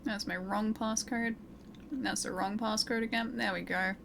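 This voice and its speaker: Over game music and some background noise, a young woman with a medium-pitched, creaky voice speaks unhurriedly in a steady tone. She's streaming a video game with casual commentary, chatting with viewers, giggling between lines and reading chat aloud.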